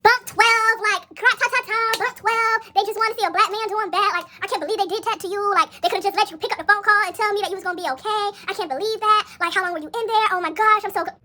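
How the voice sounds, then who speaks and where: A shrill, bright voice of a gushing young girlfriend, put on by a woman telling a story. She fusses breathlessly, piling words on top of each other at top speed. Every line comes out high and sharp. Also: fairly even intonation, fast talker, hardly any pauses.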